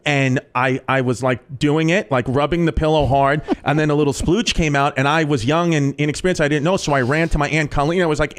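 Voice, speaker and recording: A comedian guest on a podcast, a man with a New York accent, tells raunchy stories and acts out the people in them. His mid-range voice moves at a quick pace with hardly any pauses, animated and crude throughout.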